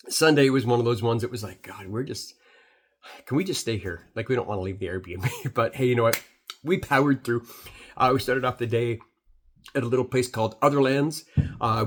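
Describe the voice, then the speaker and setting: Husky, rambling middle-aged man. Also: mid-range voice. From Canada. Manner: rambling, swears, many fillers. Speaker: beer reviewer. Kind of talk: casual storytelling recap.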